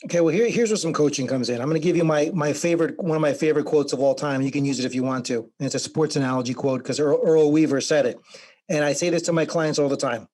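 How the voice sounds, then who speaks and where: A man's voice: a little high, quick pace, a little mellow. A man who works as a business coach, a guest on an interview, making his points in an emphatic, preachy way.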